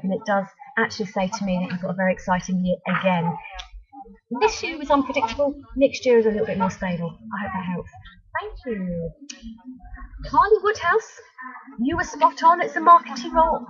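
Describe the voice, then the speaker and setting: A woman psychic chatting on a live web stream, reading viewers' messages aloud and giving tarot readings with frequent ums. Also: mid-range voice. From United Kingdom. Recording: dull lo-fi web stream audio.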